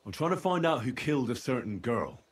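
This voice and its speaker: A man's voice: medium pitch, big pitch swings, brisk, slight background noise, natural voice. An actor playing an earnest young man investigating a girl's murder, with dry, persuasive game voice acting. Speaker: video game protagonist.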